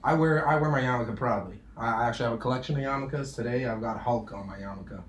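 A middle-aged man chatting casually and telling jokes and stories, animated and quick to laugh. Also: medium pitch, roomy sound, slight background noise. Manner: joking, storytelling, animated. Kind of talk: casual chat. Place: room in Montreal.

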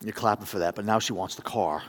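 A middle-aged man preaching a sermon, telling a story with lively voice changes and building to earnest appeals. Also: fairly low pitch, quick pace, noisy background. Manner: animated, acts out phone voices, builds to appeals. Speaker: pastor. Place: church sanctuary. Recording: long reverb of a church hall.

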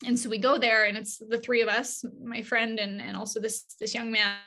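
Bright, chatty woman telling stories. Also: a little high, normal speed. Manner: animated, acts out quoted dialogue; many fillers and restarts, chatty. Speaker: agency CEO, interview guest. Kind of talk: casual conversational storytelling.

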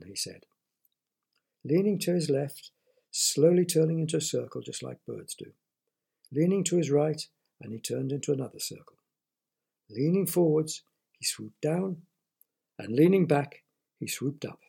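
A man's voice: on the high side, lively intonation, unhurried, creaky, pauses often, warm tone, slightly rough. A man reading a children's story aloud, with playful asides to the listener.

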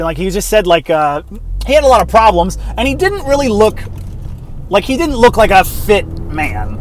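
A man's voice: high-pitched, very animated, normal speed, slight background noise. A man in his thirties, an acting teacher, talking casually and rambling on a solo podcast, tired and yawning. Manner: rambling, self-deprecating, demonstrates ad reads.

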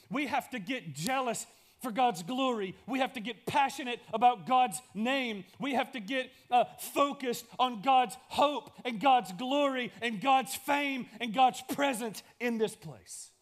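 A man's voice: extremely high pitch, a little slow, a bit bright. A male pastor delivering a sermon in a church, building emphasis through repeated phrases.

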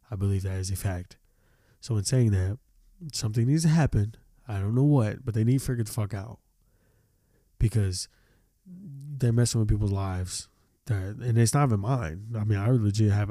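A man's voice: on the low side, warm tone, no room sound, clean studio sound. A young adult man hosting a podcast alone, ranting casually with lots of swearing, his nose stuffed up from allergies. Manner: profane, rambling, exasperated. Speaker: podcast host.

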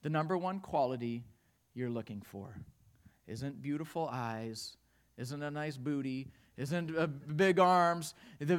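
Animated high-voiced male preacher. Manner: animated storytelling, swings from hushed to loud. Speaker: pastor. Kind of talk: sermon.

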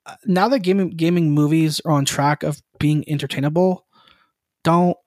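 A man's voice: fairly high pitch, steady tone, moderate pace, a little mellow, no room sound, studio quality. A man co-hosting a gaming podcast in casual chat, rambling and swearing, laughing often. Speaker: podcast co-host.

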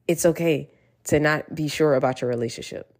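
A woman's voice: deep voice, fairly quick, darkish tone. A woman giving an earnest, encouraging motivational talk straight to her listeners, repeating reassurances as she goes. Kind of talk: casual motivational monologue.

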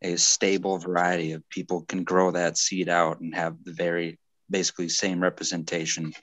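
A man's voice: low-pitched, little pitch movement, normal speed, fairly bright tone, no echo. A man hosting a casual podcast chat, rambling at length and getting technical about plant breeding. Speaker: podcast host.

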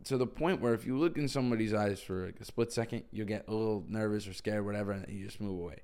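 A man's voice: fairly low pitch, quick pace, a little mellow, clear, resonant tone. A young man telling a personal story to camera in a casual, rambling way, full of "like". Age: young adult. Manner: rambling, heavy use of "like". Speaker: vlogger.

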